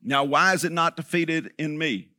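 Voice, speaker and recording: A man's voice: a little high, moderate pace, pushed and bright, no echo, studio quality. A man preaching a sermon as pastor, talking conversationally and checking in with the congregation.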